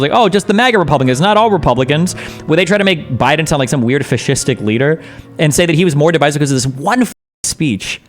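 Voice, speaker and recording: A man streaming casual commentary as he reacts to a debate, blunt, profane and sarcastic. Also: a little high.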